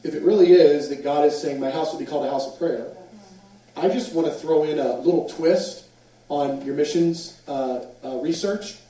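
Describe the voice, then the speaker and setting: A man with a fairly high voice preaches with animated storytelling. He is picked up from a distance in a very echoey hall. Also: moderate pace. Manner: animated storyteller, acts out quotes. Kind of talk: sermon storytelling.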